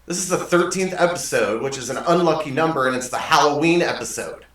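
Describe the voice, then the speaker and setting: A man's voice: a little high, fairly quick, a bit bright. A man hosting his own show, telling stories in a rambling, self-correcting, self-deprecating way at his desk. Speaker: show host. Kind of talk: casual monologue storytelling. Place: desk in a home studio. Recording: echoey room, mic at a distance.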